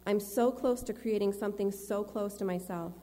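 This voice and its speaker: A woman's voice: mid-range voice, moderate pace, dark tone, natural voice. Tireless male creator, as a woman reads him in her own voice for church storytelling, with long hall reverb. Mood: earnest. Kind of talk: read-aloud church storytelling.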